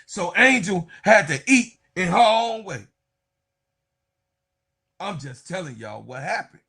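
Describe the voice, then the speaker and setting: A man giving casual basketball commentary to his viewers in an animated way, talking to them directly and drifting into asides. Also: sits high, slow, breathy edge. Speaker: sports commentator.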